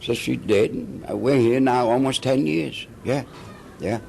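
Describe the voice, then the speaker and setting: A man's voice: medium pitch, unhurried, vocal fry, a little hiss or hum. An older man, an actor telling stories in a casual interview and acting out the quotes with laughs. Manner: animated anecdotes with laughs and acted-out quotes.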